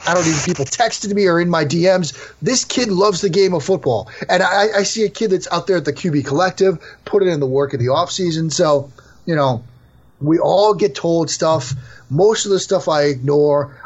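Guy analyst on a podcast, emphatic, repeats himself, kinda husky, higher voice. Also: moderate pace. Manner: emphatic, repetitive. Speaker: podcast guest, draft analyst. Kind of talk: casual podcast interview. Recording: dull lo-fi sound.

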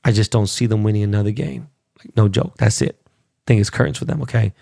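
A man's voice: lowish voice, quick pace, creaky, darkish tone, no echo, clean studio sound. A man hosting a podcast, ranting bluntly and profanely about sports and his life. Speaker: podcast host. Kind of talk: casual rant.

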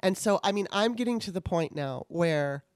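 A woman's voice: fairly low pitch, expressive, normal speed, darkish tone, no room sound, clean studio sound. A woman co-hosting a podcast over a remote call, ranting heatedly and swearing often in casual political chat. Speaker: podcast co-host.

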